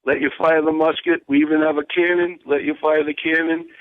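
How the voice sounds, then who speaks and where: Caller on a tinny phone line. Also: male voice, on the high side, level tone, a little fast, no echo. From Rhode Island. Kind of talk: phone-in call.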